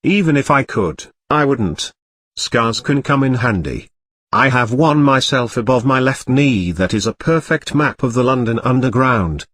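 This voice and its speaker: A man voicing a whimsical, sly old male wizard headmaster, calm and dry in his delivery. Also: mid-range voice, a little slow, dry recording. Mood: offhand.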